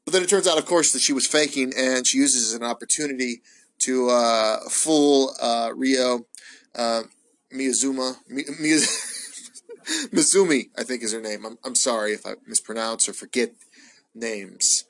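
A man hosting his own show, rambling casually and excitably, swearing often and stumbling through fillers. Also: mid-range voice, normal speed. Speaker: wrestling podcast host. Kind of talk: casual solo ramble review.

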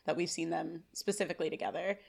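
Fast-talking young woman podcast co-host. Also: on the low side, vocal fry. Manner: reads scene dialogue aloud with animated bursts and laughs. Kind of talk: casual recap chat.

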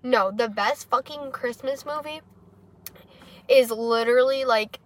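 A woman's voice: high voice, a little slow. A young woman co-hosting a casual podcast from a parked car, blunt and swearing constantly as she rants and jokes. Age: young adult. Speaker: podcast co-host. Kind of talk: casual chat.

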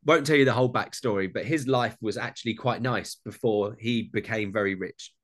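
A man's voice: fairly low pitch, fairly quick. Laid-back British man, casual swearing. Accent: British English. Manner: relaxed, swears freely. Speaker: guest, food content creator. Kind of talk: casual interview chat.

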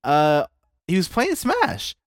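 Animated young man telling stories. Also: on the high side, slow pace, no echo, clean studio sound. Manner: animated storytelling, heavy swearing. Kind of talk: casual chat.

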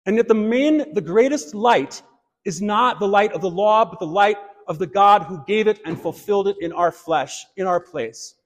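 A man preaching a sermon in church, earnest, turning to a light personal story now and then. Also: high voice. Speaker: pastor. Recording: long reverb of a church hall.

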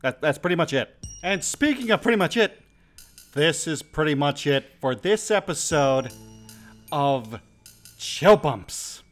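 A man's voice: fairly high pitch, lively intonation, measured pace. A man hosting a comedy podcast in easygoing, rambling casual chat, with faint music behind. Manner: easygoing, rambling, hedging with fillers. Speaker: host.

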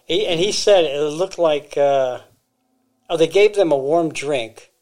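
A man's voice: on the high side, measured pace, a little mellow. A man co-hosting a podcast, casually retelling a story with fillers and restarts. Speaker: podcast co-host.

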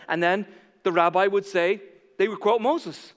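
A man preaching a sermon, animated and conversational, acting out the voices of his listeners. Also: high voice, unhurried, big-room sound. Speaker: pastor.

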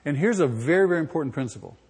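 A man's voice: a little high, expressive, racing, darkish tone, husky. A male pastor preaching an emphatic sermon in a church, putting questions to the congregation. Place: church sanctuary. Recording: long hall reverb.

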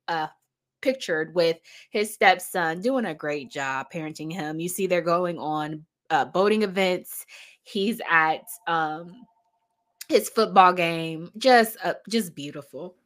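A woman's voice: lowish voice, fairly bright tone. A woman giving casual, emphatic reaction commentary, chatty and laughing often.

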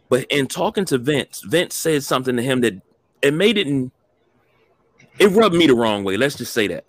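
A man co-hosting a casual wrestling talk show, blunt and animated, swearing freely. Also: medium pitch, normal speed, no echo. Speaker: podcast co-host.

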